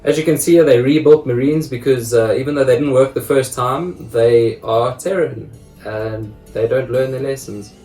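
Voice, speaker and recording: An amused man talks through a strategy match in a relaxed way and laughs often. He sounds a bit away from the mic, in an echoey room, with faint music behind him. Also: mid-range voice, normal speed, far from the mic. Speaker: gameplay commentator. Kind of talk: casual game commentary.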